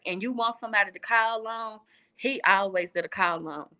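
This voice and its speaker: On a lo-fi recording, a young woman with a Southern US accent chats casually as a guest, speaking earnestly and repeating phrases for emphasis. Her voice sits in the mid range at a normal pace.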